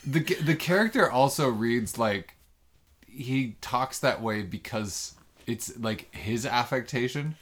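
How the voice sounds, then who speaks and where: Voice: mid-range voice, lively intonation, slow. A podcast co-host chatting casually, often stopping and restarting. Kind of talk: casual chat.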